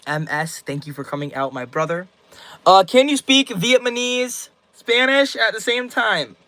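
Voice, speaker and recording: A man's voice: sits high, animated, measured pace, sharp tone, slight background noise, low-quality recording. A young man hosting a casual livestream, reading viewer comments aloud and answering them in loose, slangy rambles. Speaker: livestream host.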